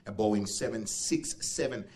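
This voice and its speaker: Man, emcee, low voice, playful, chatty, reads speaker bios. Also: measured pace, darkish tone. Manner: playful, jokey, chatty with the audience. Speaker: master of ceremonies. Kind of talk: live event hosting. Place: event venue stage.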